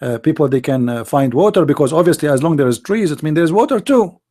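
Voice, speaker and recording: This call-in debate host has a high-ish, mellow voice, talks fast, and uses lively intonation. Running the live online debate, he speaks heated, non-native English and keeps pushing with rhetorical questions.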